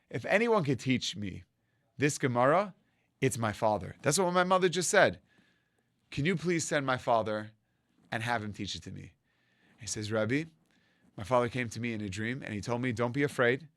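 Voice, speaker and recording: A man's voice: mid-range voice, fairly bright tone, no echo. A man teaching as a rabbi, telling a story and acting out its dialogue with Hebrew and Yiddish terms mixed in. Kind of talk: storytelling Torah lesson.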